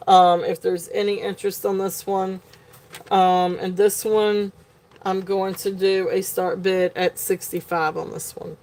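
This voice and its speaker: A woman's voice: mid-range voice, little pitch movement, measured pace, a little mellow, a little hiss or hum. A woman at home hosting a live jewelry sale, gushing over each piece with many ums. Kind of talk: live auction selling.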